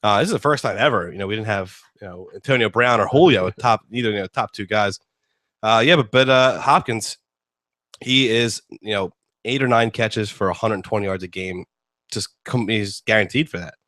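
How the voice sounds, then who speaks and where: Male sports host, low voice, dry booth sound, rambling and jokey. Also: normal speed, sharp tone, dry recording. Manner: rambling, filler-heavy, joking. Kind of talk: casual sports talk.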